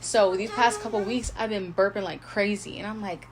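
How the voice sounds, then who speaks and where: A woman's voice: medium pitch, moderate pace, slight background noise. Chatty young woman telling a story. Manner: chatty, heavy use of "like", animated retelling with quoted inner thoughts. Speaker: podcast co-host. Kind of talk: casual storytelling chat.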